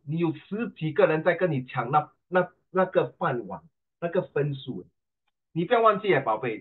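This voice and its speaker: A middle-aged man with a Singaporean accent teaching an animated exam-prep class, mixing English and Mandarin and teasing his students. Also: on the high side, husky. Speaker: tutor. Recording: tinny phone-like audio.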